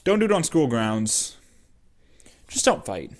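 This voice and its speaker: A young man tells a personal story in a casual vlog. He rambles and fills his sentences with "like" and "um". His voice sits at an ordinary middle pitch. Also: sing-song, unhurried. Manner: rambling with many fillers. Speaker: vlogger.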